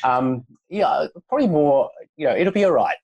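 A man, a chiropractor guest on a podcast, speaking reflectively and telling a gentle story. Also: a little high, sing-song, normal speed, husky, muffled recording. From Australia. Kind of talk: relaxed podcast conversation.

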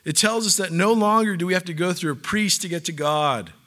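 A man's voice: high-pitched, brisk, sharp tone. A man preaching a sermon as pastor, talking in a conversational way with casual fillers and building to fervent emphasis.

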